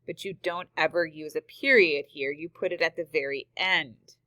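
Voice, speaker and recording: A woman's voice: low voice, normal speed, sharp tone, no room sound. A woman teacher explaining punctuation rules step by step, reading example sentences aloud. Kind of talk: screen-recorded grammar lesson.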